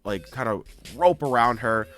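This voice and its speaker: A YouTuber casually recapping a story, animated and acting out the characters' lines. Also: male voice, medium pitch, normal speed.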